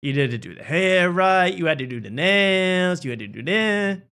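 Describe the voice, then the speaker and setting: A man doing a loud, high impression of a stand-up comic hyping up a crowd. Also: expressive, moderate pace, smooth, exaggerated voice. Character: hyped male stand-up comic working the crowd.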